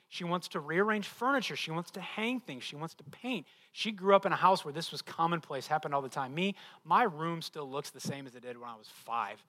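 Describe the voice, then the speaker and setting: A middle-aged male pastor giving a sermon, telling stories with animated, self-deprecating humor. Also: a little high.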